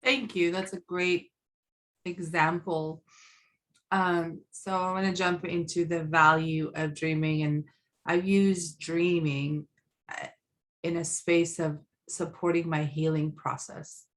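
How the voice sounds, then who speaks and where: Female podcast host, low pitch, slow and reflective delivery. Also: little pitch movement. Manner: slow, reflective, with many fillers. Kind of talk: conversational podcast talk.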